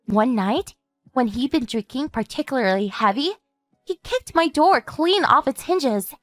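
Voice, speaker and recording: Lively, high-pitched composed sister, a woman voicing her for an animated story. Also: no echo, faint music behind. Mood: steady. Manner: measured, explanatory storytelling. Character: calm woman warning her sister about a stalker ex.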